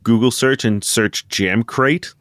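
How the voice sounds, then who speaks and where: A man talking as a player in a tabletop game, slow and hesitant as he thinks aloud. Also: mid-range voice, fairly bright tone, dry recording, clean studio sound. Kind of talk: casual chat.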